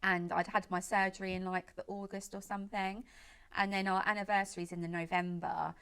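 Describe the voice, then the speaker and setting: A woman's voice: mid-range voice, little pitch movement, fairly quick, a bit bright, smooth. A woman in her late twenties, a guest make-up artist, telling a long story in casual chat with lots of fillers and quoted speech. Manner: chatty, lots of "like" and reported speech.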